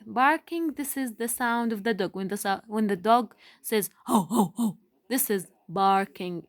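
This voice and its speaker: A young woman teacher giving a patient, deliberate lesson to young children, stretching out key words for emphasis. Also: fairly high pitch, animated, fairly bright tone, no room sound. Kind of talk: slow, deliberate classroom explanation.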